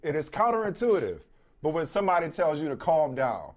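Man, sports co-host, fairly high voice, very animated pitch, incredulous, faint music behind. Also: brisk. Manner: lively, incredulous, acts out arguments.

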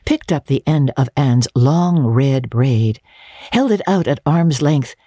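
Casting: woman narrator, dramatic reading of a classic, husky and lively. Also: rumbling low, slow, no room sound, studio quality. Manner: expressive, storytelling delivery.

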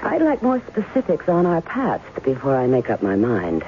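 A cool, skeptical ex-wife. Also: female voice, rumbling low, wildly swooping pitch, moderate pace, slight background noise, exaggerated voice. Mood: accusing. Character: guarded woman meeting a man claiming to be her ex-husband. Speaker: radio drama actor and first-person narrator. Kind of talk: 1970s radio drama acting. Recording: tinny old radio broadcast with faint music.

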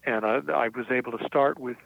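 With a creaky, medium-pitched voice held steady, an older man speaks briskly as a guest writer in an interview. He confidently tells reflective stories about his past, full of fillers and restarts. The recording is dry and tinny, like a phone line.

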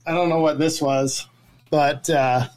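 A man's voice: fairly high pitch, fairly even intonation, measured pace, a little mellow. A man who grew up in North Florida, chatting easily as a guest on a podcast. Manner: easygoing, chatty, laughs often. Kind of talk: casual chat.

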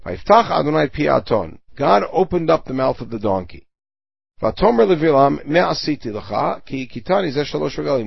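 A man teaches a Torah lesson, reading Hebrew verses and translating each one, then explaining it with everyday comparisons. His voice is gravelly and a little husky. The recording is dry and dull, with no room sound. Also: medium pitch, animated, fairly quick, no room sound.

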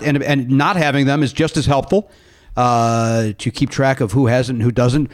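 A man's voice: medium pitch, flat delivery, normal speed. A man hosting a casual chat, rambling with lots of fillers and jokes. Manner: rambling, filler-heavy, jokey. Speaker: podcast host.

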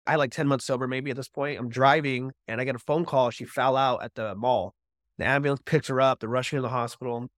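A man's voice: mid-range voice, fairly even intonation, fast talker, a bit bright, no echo, studio quality. A man guesting on a podcast, telling his personal recovery story in an earnest, heartfelt way, with many casual fillers.

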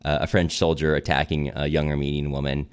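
A man's voice: a bass voice, level tone, a little fast, clean tone. A man co-hosting a podcast, casually summarizing a novel with fillers and frequent laughter. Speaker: podcast co-host. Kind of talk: casual book discussion.

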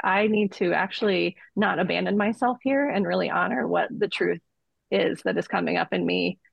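A woman in her forties talks as a podcast guest, reflective and earnest, her words loosely strung with "like." Her voice is deeply gravelly with vocal fry and a husky edge. The sound is dry and a little muffled. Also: no echo. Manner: reflective, earnest, many "like" fillers. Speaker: guest, midlife coach. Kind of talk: conversational interview.

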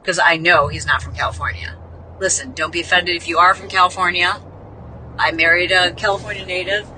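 A woman's voice: lowish voice, steady tone, a little fast, bright, forceful tone, a little hiss or hum, poor audio. A woman from the Midwest, a podcast host, telling a story in a casual, chatty, self-mocking way and acting out the people she quotes.

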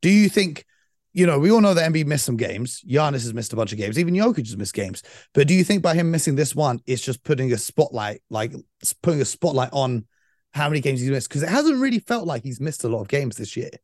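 A man hosting a casual sports chat, animated and laughing as he rattles off stats. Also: mid-range voice, quick pace, no echo, studio quality. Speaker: podcast host.

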